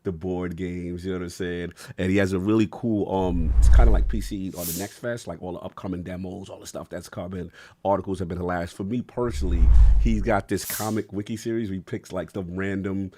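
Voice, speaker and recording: Male podcast host, low-ish voice, energetic slangy banter, faint noise. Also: fairly quick. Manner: hyped, slangy, laughs a lot. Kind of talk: casual gaming podcast chat.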